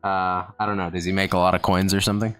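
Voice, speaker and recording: A man's voice: deep voice, little pitch movement, fast, a bit bright, soft background music. A man streaming while finishing an art piece, chatting casually in a playful, jokey way and stretching words for emphasis. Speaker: streamer and digital artist.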